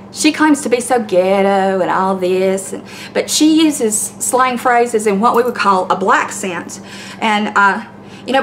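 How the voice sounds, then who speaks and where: A woman's voice: on the high side, fairly bright tone, slight background noise. A middle-aged woman with a Southern accent, ranting blunt commentary in a home vlog, preachy and fired up, with some cursing. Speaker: YouTube commentator. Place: home, by the laundry.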